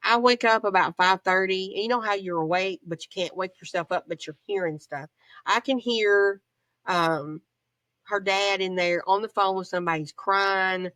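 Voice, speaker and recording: A woman's voice: mid-range voice, normal speed, fairly bright tone, dry recording. A middle-aged woman, a bereaved mother recounting events plainly and emotionally as an interview guest, often quoting what people said. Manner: plain-spoken, storytelling with reported speech. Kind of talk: emotional personal account.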